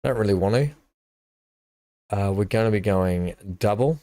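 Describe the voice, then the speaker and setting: A man's voice: on the low side, moderate pace, dark tone, no echo. A man streaming a game live, casually thinking aloud to himself as he plans his build. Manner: muttering, thinking aloud while planning. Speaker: gaming streamer. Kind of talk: casual live gameplay commentary.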